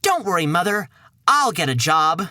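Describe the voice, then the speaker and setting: Guy doing a keen poor teen lad, voice nudged up a bit, bright and dry. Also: sits high, big pitch swings, normal speed, no room sound, full character voice. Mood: eager. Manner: slightly raised eager voice. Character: poor eager teenage boy, cheerful.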